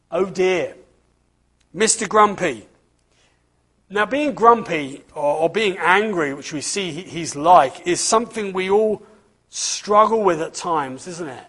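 A man's voice: sits high, a bit bright, breathy edge. A man giving a children's talk at church, reading a storybook aloud and asking the listeners questions.

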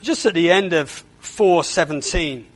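Slow, earnest high-voiced preacher. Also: male voice, rough recording. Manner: earnest, repeats words when stressing a point. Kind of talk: sermon.

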